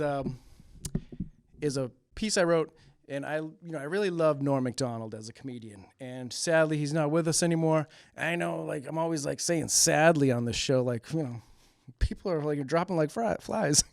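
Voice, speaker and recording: A man's voice: fairly high pitch, gravelly, dry recording. A man hosting a local cable comedy show in a TV studio, chatting in a rambling, filler-heavy way. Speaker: host. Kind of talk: comedy monologue.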